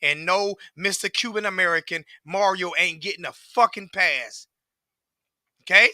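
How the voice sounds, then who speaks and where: A man's voice: high voice, moderate pace, sharp tone, no room sound, clean studio sound. A man, ranting profanely and repetitively as a sports fan commentator. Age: 40s.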